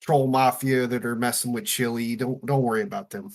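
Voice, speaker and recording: A man's voice: medium pitch, steady tone, a little fast. A man from southern Ohio, talking casually and hesitantly on a podcast.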